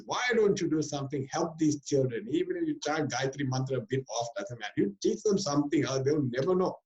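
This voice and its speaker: A man speaking as a swami, giving a spiritual discourse and telling stories with lively acted-out voices. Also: mid-range voice, fast, few pauses. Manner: lively storyteller who acts out people's voices. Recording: roomy, dull lecture recording.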